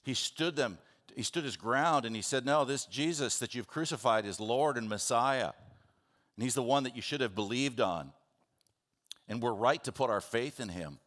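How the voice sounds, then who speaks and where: A man preaching a sermon, telling the scripture story with animated, conversational delivery and acting out the characters' words. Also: mid-range voice, normal speed. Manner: animated storytelling, acts out biblical voices; conversational, with restarts and asides. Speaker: pastor.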